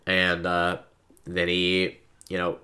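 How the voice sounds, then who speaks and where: A man's voice: sits low, monotone, takes it slowly, sharp tone. A man co-hosting a podcast, chatting casually about a book and giving frequent listener backchannels.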